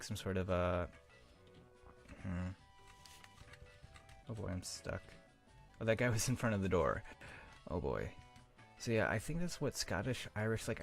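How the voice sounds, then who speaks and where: A young man hosting a let's play, chatting casually and rambling with lots of fillers and self-mocking asides. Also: fairly low pitch. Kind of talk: casual gameplay commentary.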